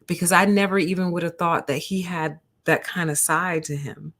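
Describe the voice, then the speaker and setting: A woman hosting a livestream, telling a story to her chat in an animated way and calling her listeners honey and y'all. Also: fairly low pitch, normal speed. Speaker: host.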